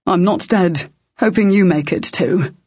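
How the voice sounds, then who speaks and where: A narrator voicing an earnest young man speaking haltingly and heartfelt through a message, in an audiobook reading. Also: medium pitch, a little mellow, husky. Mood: tender. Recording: dull, slightly lo-fi dry recording.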